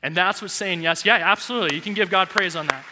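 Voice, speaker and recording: Man, pastor, sermon, personal story, fairly high voice, reverberant church hall. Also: quick pace, heavy background noise. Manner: personal storytelling, animated and emotional at times.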